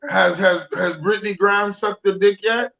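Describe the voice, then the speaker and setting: A man's voice: high voice, steady tone, moderate pace, creaky, a bit bright, highs cut off. A man co-hosting a podcast in casual chat, crude and joking and given to rambling. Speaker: podcast co-host.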